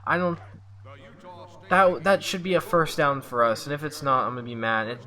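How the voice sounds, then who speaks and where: A man's voice: on the high side, moderate pace, sharp tone. A man giving sportscaster-style play-by-play of a video game he is playing, often slipping into frustrated venting with sighs. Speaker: gamer doing play-by-play of his own game. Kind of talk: casual video game commentary.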